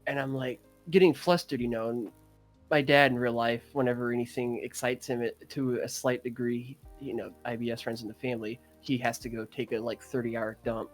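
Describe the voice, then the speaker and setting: A young man on a podcast, casually retelling a dream in a rambling, animated way, full of fillers and throat-clearing. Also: mid-range voice, fairly quick, faint music behind. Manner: animated, gets excited retelling. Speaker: podcast co-host. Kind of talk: casual storytelling.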